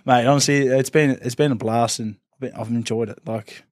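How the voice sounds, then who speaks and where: A man, a professional rugby league player, telling stories in a casual interview, rambling and relaxed, saying "mate" often and acting out what others said. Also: mid-range voice, a little fast, no echo, clean studio sound. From New Zealand family ties. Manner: relaxed, rambling, says "mate" a lot, acts out quotes.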